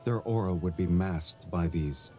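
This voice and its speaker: Sylus, a deep, cool nobleman. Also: a little slow, dark tone, faint music behind. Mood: disdainful. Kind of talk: game voice acting.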